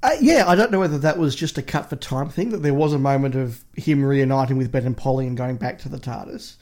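A man's voice: medium pitch, fast talker, darkish tone. A man co-hosting a podcast, reviewing in casual chat with a passionate, opinionated ranting manner. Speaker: podcast co-host.

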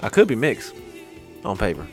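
A man's voice: fairly low pitch, huge pitch swings, moderate pace, darkish tone, soft background music. A young man co-hosting a casual chat, telling stories in a laid-back, slangy way.

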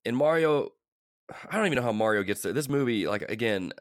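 A man co-hosting a casual movie review chat, talking haltingly with exasperated asides. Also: mid-range voice, lively intonation, no room sound, clean studio sound. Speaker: podcast co-host.

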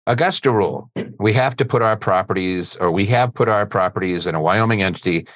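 In a dry recording, a middle-aged man with a lowish, brisk, slightly bright voice hosts a studio podcast. He keeps things casual like a live webinar chat, rambling along with plenty of jokes and easy laughs.

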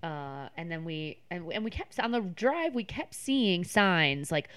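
Woman chatting on a podcast, smooth clear voice, dry close mic, gets animated telling stories. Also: lowish voice, dry recording. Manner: animated storyteller, quick and expressive. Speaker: podcast co-host. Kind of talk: casual chat.

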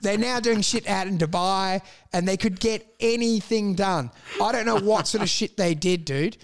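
High-pitched middle-aged man, brash raconteur, swears freely, laughs through his tales. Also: normal speed. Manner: crude, animated, laughs through stories. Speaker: guest telling stories. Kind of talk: casual storytelling chat.

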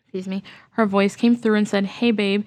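A woman's voice: medium pitch, steady tone, normal speed, darkish tone. A woman co-hosting a podcast, reading a listener's ghost story aloud in an earnest way and getting emotional as she reads. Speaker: podcast co-host.

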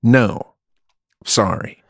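A man's voice: drawn-out words, dry recording, clean studio sound. A man co-hosting a podcast, riffing with goofy, crude humor in casual chat. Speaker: podcast co-host.

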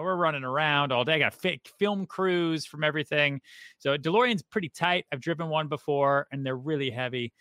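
Energetic man with a bright voice. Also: on the high side, clean tone, no echo. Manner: energetic, animated storytelling. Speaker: guest, real estate broker. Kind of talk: casual interview chat.

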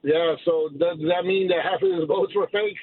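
A man's voice: high-pitched, steady tone, moderate pace, husky, dry recording. A man calling in to a radio show, casual and insinuating. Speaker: caller. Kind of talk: phone-in call. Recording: tinny phone line.

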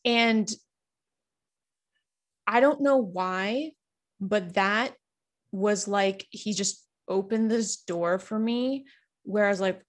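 A woman's voice: medium pitch, slow, long pauses. Canadian-born woman opening up as a podcast guest, earnest and reflective, lots of "like" and "you know", mid-range voice. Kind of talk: candid personal conversation.

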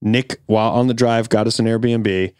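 A man's voice: lowish voice, moderate pace, smooth, no echo, clean studio sound. A man co-hosting a podcast, telling a long story casually and acting out what people said. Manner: animated storyteller, acts out quotes. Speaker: podcast co-host.

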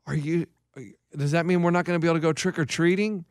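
A man in his thirties, a podcast co-host telling animated stories about his kids in casual chat. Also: a little high, quick pace, dry recording, studio quality.

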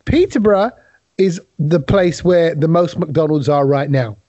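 A man's voice: a little high, measured pace, dark tone, dry recording, lo-fi sound. A man co-hosting a casual chat, joking around as he tells stories. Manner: jokey, playful storyteller. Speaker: co-host.

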